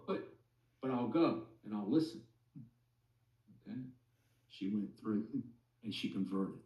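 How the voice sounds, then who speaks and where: A man slowly telling a personal story to a group, pausing often to check in with "okay?". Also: lowish voice, animated, mellow, reverberant, recorded from a distance, low-quality recording. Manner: slow, deliberate, many "okay?" asides. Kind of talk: slow storytelling testimony.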